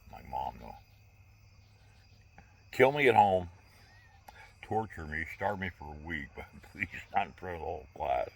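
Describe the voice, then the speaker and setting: Very deep-voiced man in his sixties. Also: lively intonation, moderate pace, vocal fry. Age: 60s. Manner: candid, rambling, with wry humor. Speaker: vlogger. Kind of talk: casual personal storytelling.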